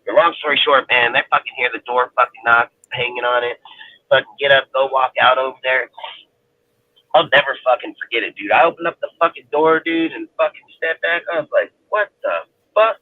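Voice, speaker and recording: A man's voice: medium pitch, a little fast, dry recording. Blunt, profane man on a tinny line. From Northern California. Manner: blunt, heavy swearing, filler "dude". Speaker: roundtable panelist. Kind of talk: casual storytelling. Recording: tinny phone-line audio.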